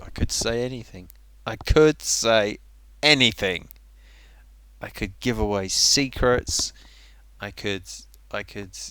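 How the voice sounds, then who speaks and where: A man's voice: lowish voice, bright, forceful tone, clean tone, no room sound. A man chatting on a livestream in a sleepy, rambling way. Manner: drowsy, rambling. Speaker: streamer. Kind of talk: casual livestream chat.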